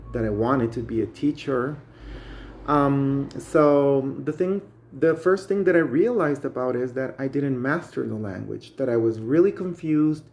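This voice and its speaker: A man's voice: mid-range voice, a little mellow. A man with a Guatemalan Spanish accent, a native Spanish speaker, teaching English as a chatty teacher who keeps addressing viewers as guys. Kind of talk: casual spoken English lesson.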